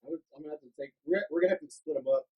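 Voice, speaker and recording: A man's voice: fairly high pitch, very fast, slightly rough, lo-fi sound. A man co-hosting a podcast, a stand-up comic chatting casually in a laid-back way, full of fillers. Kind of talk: casual chat.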